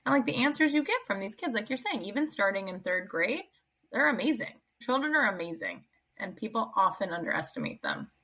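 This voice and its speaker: A woman's voice: medium pitch, wildly swooping pitch, a little fast, bright, forceful tone, slightly rough, poor audio. A woman in her thirties, a Jewish educator, chatting casually as a podcast guest with lots of filler words. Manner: chatty, many "like" and "you know" fillers.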